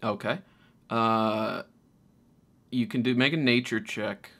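A man narrates a tabletop game as its game master. He speaks slowly and hesitantly, piling in fillers and restarts as he works out each scene. His voice is bright and forward. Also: on the low side, fairly even intonation.

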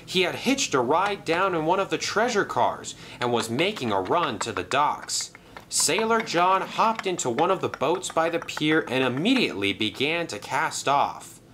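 Animated young man narrating a storybook. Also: on the high side, normal speed, slight background noise. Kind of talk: storybook narration of a toy train film.

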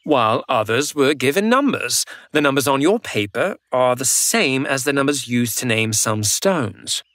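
Isaac Newton, as a man plays him, long-winded and lively. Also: mid-range voice, normal speed, no room sound, clean studio sound. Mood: lecturing. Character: Isaac Newton, eager know-it-all 17th-century scientist. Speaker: character actor. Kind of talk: children's audio drama.

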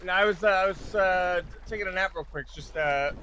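A man role-playing a fisherman in a game, speaking in a dopey, hesitant way with many pauses. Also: sits high, sharp tone, a little hiss or hum. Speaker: fisherman player. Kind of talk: casual game role-play chat.

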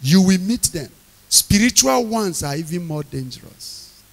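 A man preaching an evening sermon, emphatic, repeating key phrases, questioning the congregation and bursting into loud shouted lines. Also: high voice, very animated, unhurried, creaky.

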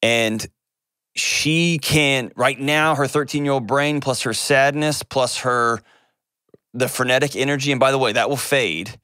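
A man's voice: mid-range voice, measured pace, pushed and bright, clean tone, dry recording, clean studio sound. A middle-aged man hosting a call-in advice show, speaking earnestly and emphatically, often repeating words for weight.

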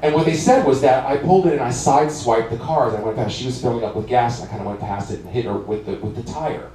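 A man's voice: medium pitch, quick pace, warm tone, recorded from a distance, a little hiss or hum. Wry male musician, echoey concert hall. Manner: wry, rambling anecdotal delivery. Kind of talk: on-stage storytelling between songs. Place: concert venue.

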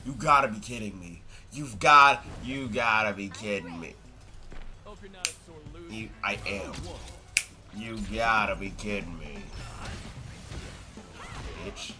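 A young man streaming a fighting game, commenting live with excitable yelps and trash talk. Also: lowish voice, slow, long pauses, soft background music.

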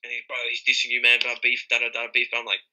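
A man's voice: racing, poor audio. A young man, a rapper, telling the story of his reaction in a casual interview, acting out his own surprised exclamations. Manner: animated, acts out his own reactions with sudden high-pitched exclamations.

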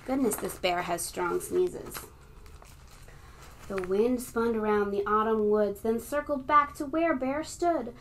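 A librarian reading a picture book aloud to young children and leading them in a game. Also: female voice, fairly high pitch, slow. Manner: warm, encouraging, talks to young kids.

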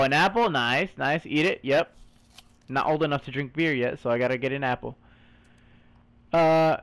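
An excitable man commenting on a game he is playing, his voice high and swinging wildly between calm murmurs and yelps. He exclaims, swears freely and calls everyone "bro". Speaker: gaming streamer. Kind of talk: let's play commentary.

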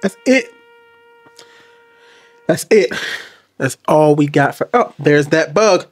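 A man commenting on a video clip to his viewers, jumping between loud outbursts and low, quiet asides. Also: measured pace. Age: adult. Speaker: reaction commentator. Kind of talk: casual commentary to camera.

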